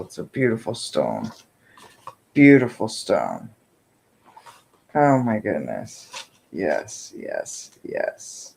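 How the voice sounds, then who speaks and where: A man chatting through an unboxing, gushing with breathy exclamations and whispered asides. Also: deep voice, wildly swooping pitch, extremely slow, pauses often, a little mellow, slight background noise, poor audio. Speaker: vlogger unboxing subscription boxes. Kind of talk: casual unboxing chat.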